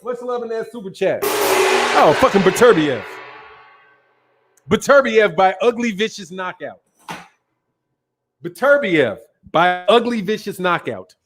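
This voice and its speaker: A man's voice: high-pitched, animated, measured pace, long pauses, music in the background. A man hosting a casual live stream, reading viewer comments and answering in a brash, profane, emphatic way, often repeating himself. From Chicago. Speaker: boxing talk show host answering viewer chat.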